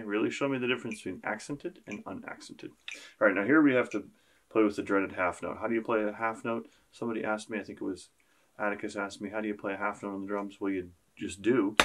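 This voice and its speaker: A man's voice: fairly low pitch, steady tone, fast talker. A man teaching a beginner percussion lesson, counting beats aloud and joking with his students. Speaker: school band teacher.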